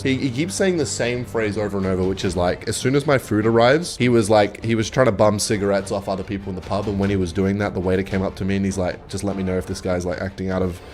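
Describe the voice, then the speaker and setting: A young man telling a rambling, swear-filled story while commenting on his gameplay, often cutting himself off mid-sentence. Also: on the low side. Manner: rambling, swears a lot, self-interrupting. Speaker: gaming video creator. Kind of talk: casual storytelling over gameplay.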